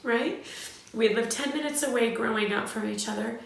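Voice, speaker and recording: A woman's voice: a little high, brisk, vocal fry. Middle-aged woman from socal telling a story, candid, lots of restarts, really echoey room. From Southern California. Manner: candid, animated, fillers and restarts. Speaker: host. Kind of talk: emotional personal storytelling.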